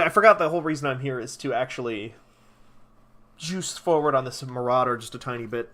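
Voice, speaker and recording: A man's voice: mid-range voice, fairly quick, a bit bright. A man streaming a video game, chatting casually with rambling, profane enthusiasm. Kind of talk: casual gameplay commentary.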